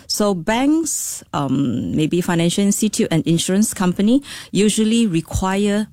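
A woman's voice: mid-range voice, lively intonation, a little slow, dark tone, no room sound, studio quality. A woman, a financial services director, explaining legal and money matters in an interview with frequent ums and okays. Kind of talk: radio interview answers.

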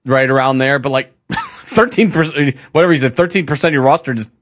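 A man co-hosting a casual sports talk show, relaxed and joking with his partner. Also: mid-range voice, fast. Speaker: sports radio co-host.

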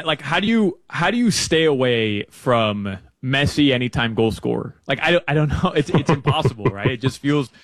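A man talking through soccer picks in a rambling, animated way, full of fillers and restarts, as a guest on a sports chat show. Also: medium pitch, dry recording. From Uruguay fan living in Miami.

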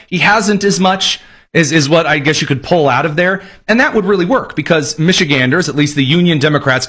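A male political show host with a slightly high, husky voice, talking in a sarcastic, mocking way. He rambles through his points with offhand asides. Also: a bit bright.

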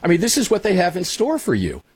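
A male host steers a political panel, teasing his guests and cutting in with quick remarks. His husky voice swings widely in pitch as he talks. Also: no echo. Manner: lively, interjecting, teasing. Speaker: talk show host.

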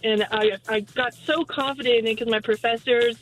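A woman's voice: fairly high pitch, steady tone, fairly quick, few pauses, soft background music, low-quality recording. A woman calling in to a radio show, telling a story in a giggly, rambling way. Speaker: caller. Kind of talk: telling a funny story on air.

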